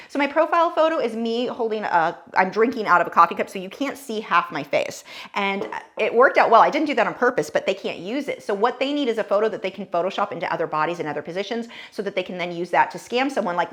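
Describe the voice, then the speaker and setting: A woman's voice: medium pitch, animated, fast talker, fairly bright tone. A woman giving casual, sarcastic commentary while reading scam messages aloud. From United States. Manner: sarcastic, wry asides. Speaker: art YouTuber.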